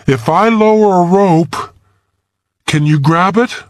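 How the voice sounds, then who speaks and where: A determined young woman who keeps her voice steady and reassuring while she takes charge, as a male reader puts her on. The voice is lifted only moderately above his own, delivered slowly, and the sound is dry. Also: high-pitched, no echo, pitched above the performer's own voice. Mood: urgent. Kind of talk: audiobook character voice.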